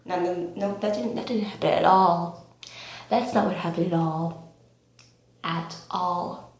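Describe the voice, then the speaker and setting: A young woman in her teens telling a storytime vlog in a rambling, filler-heavy way with bursts of excitement, recorded on a camera mic at home. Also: lowish voice, unhurried. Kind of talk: storytime vlog, casual chat. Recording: very echoey room, faint hum.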